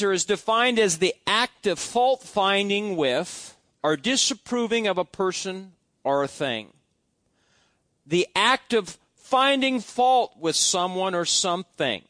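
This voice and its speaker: Man, pastor, conversational sermon, high pitch, dry recording. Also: fairly bright tone, dry recording. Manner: conversational, asks the congregation questions. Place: church.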